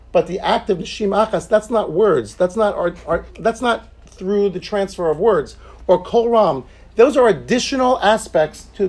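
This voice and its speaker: A man's voice: sits high, darkish tone. A man teaching an informal Talmud class, explaining points conversationally with joking asides and frequent restarts.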